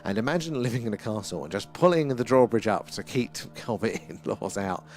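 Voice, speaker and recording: A man's voice: lowish voice, expressive, a little fast, darkish tone. A middle-aged man with an English accent hosting a live stream, chatting with viewers and reading out their comments in a rambling, friendly way. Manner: chatty and rambling, reads out chat names, laughs often. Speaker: livestream host.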